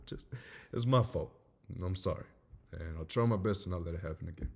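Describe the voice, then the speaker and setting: A young man giving a motivational self-help talk, animated and acting out little scenes as he explains. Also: sits low, fairly quick, slightly rough.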